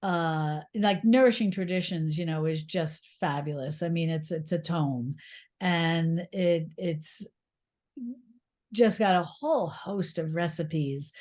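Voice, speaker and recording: A middle-aged woman, a cookbook author, talking in an interview. She tells lively, encouraging stories and laughs often. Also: mid-range voice. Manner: encouraging, reassuring. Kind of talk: conversational interview.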